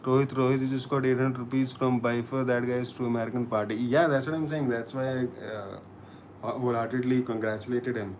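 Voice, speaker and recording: A man's voice: mid-range voice, steady tone, a little fast, a little mellow, a little hiss or hum. A man from Kashmir hosting a casual live stream, reading comments and thanking viewers with lots of restarts. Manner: chatty, repeats words and restarts, thanks viewers. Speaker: livestream host.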